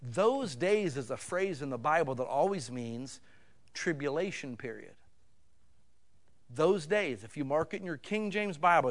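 A man preaching a sermon in a folksy, conversational way, swinging between loud emphatic bursts and quiet asides. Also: medium pitch. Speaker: pastor.

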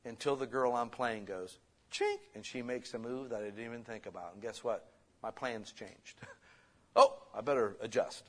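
A man preaching a sermon as pastor, conversational and lively, swinging between loud bursts and soft asides. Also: medium pitch, moderate pace.

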